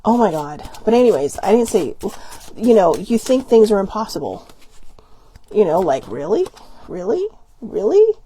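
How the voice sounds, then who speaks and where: A woman's voice: medium pitch, expressive, moderate pace, mellow. A woman hosting an oracle card reading show, talking in a rambling, chatty, self-deprecating way with lots of fillers. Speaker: host.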